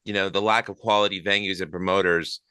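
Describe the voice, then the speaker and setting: A man's voice: low voice, fairly even intonation, quick pace, bright, forceful tone, clean tone, dry recording. A middle-aged man hosting a casual podcast interview, rambling with fillers and restarts. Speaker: podcast host.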